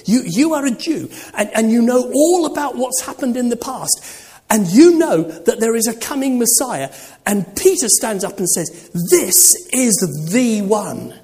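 A preacher's animated, warm, medium-pitched voice swoops up and down at a normal pace as he fires rhetorical questions at the congregation. Long church reverb rings around every word.

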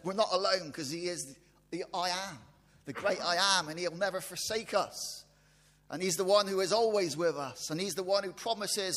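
A man's voice: high voice, normal speed, pushed and bright. Man preaching in a reverberant hall. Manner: rhetorical questions, repeats phrases for emphasis. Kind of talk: sermon.

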